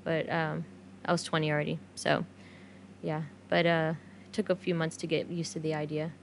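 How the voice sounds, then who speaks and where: Lowish flat-voiced woman in a casual chat, soft-spoken, a bit of background hiss. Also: normal speed, creaky.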